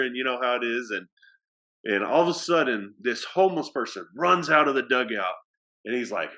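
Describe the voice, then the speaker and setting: A man telling a story in a casual podcast chat, his voice bright and forward. He rambles a bit, with plenty of fillers and restarts. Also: medium pitch, lively intonation, brisk, muffled recording. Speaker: athletic director.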